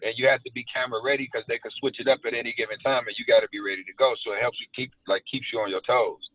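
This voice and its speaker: A man's voice: medium pitch, very fast, dry recording. Man on a tinny line. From South Side Chicago. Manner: animated storytelling with street slang. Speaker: actor guest. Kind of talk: casual interview chat. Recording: tinny phone-like dry sound.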